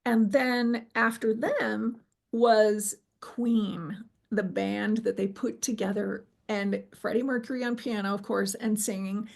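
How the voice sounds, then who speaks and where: A middle-aged woman recounting a personal near-death experience in an interview, animated and acting out what people said, with frequent fillers. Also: mid-range voice, slow, gravelly. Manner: animated storyteller, acts out quoted dialogue, frequent fillers. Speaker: guest telling her near-death experience.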